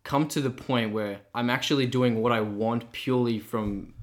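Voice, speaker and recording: A young man co-hosting a podcast, talking casually and thoughtfully with a croaky, sore voice. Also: medium pitch, steady tone, moderate pace. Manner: thoughtful, rambling with restarts. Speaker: podcast co-host. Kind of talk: casual chat.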